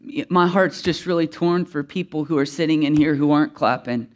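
Earnest slightly high-voiced male pastor. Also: brisk. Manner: earnest, emphatic preaching with frequent restarts. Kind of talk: sermon. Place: church before a live congregation.

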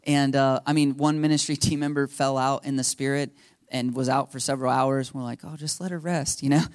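A man pastor telling a story in his sermon, animated, laughing, and acting out quotes. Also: mid-range voice, a little fast, smooth, no echo, studio quality.

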